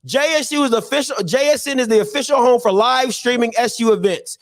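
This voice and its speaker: Man host, very high voice, loose rhetorical riffing, computer mic. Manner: repeats himself, drawn-out rhetorical questions. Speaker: show host. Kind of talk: casual live-stream commentary.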